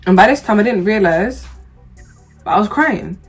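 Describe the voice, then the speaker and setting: Woman vlogger, casual storyteller, mid pitch, slangy and heated, faint music bed. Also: moderate pace, breathy edge. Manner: animated, humorous, slangy, turns heated when reliving anger.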